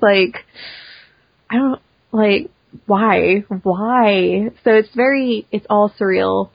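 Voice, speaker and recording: A young woman guest, a cosplayer, talking casually in an interview, quick and chatty with many restarts. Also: medium pitch, steady tone, vocal fry, husky, no echo, muffled recording.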